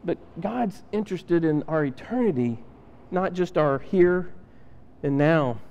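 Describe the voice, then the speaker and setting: This preacher speaks with a fairly high pitch and lively intonation, a little slow and a little mellow, the top end cut off. He keeps his sermon conversational and acts out what the people in his Bible stories say, his words echoing through the church sanctuary.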